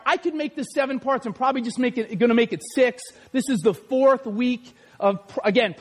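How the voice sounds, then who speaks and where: A male pastor preaching a sermon in a church, emphatic and often shouting, speaking straight to the congregation. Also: very high voice, big-room sound.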